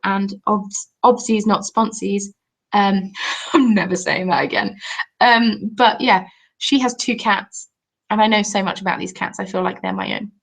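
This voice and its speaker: A woman's voice: mid-range voice, fairly even intonation, a little slow. A young woman rambles cheerfully through a home live stream. She chats off the cuff, trails off and restarts, and keeps stopping to answer viewers' comments. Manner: chatty, rambling, reads out and answers chat comments. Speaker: craft YouTuber.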